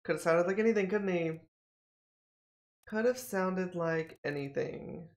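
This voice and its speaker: A mid-range voice at a measured pace offers casual commentary while playing a mystery game. The streamer thinks aloud, musing and frequently repeating themselves as they work out the puzzle.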